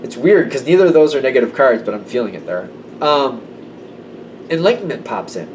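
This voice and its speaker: A man's voice: medium pitch, sing-song, fairly quick, a little mellow, recorded from a distance, slight background noise, rough recording. Emphatic man giving a tarot reading. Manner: conversational, emphatic, slips into quoted voices. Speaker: tarot reader. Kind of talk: casual tarot reading to camera.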